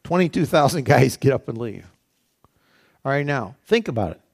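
A man's voice: mid-range voice, animated, moderate pace, gravelly, husky. A male pastor giving a sermon in a conversational way, repeating phrases and asking the congregation rhetorical questions. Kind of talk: sermon teaching.

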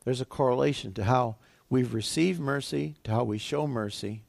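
A man's voice: mid-range voice, moderate pace, creaky, a little mellow, no echo. A male pastor preaching a sermon, retelling scripture in a conversational, everyday way.

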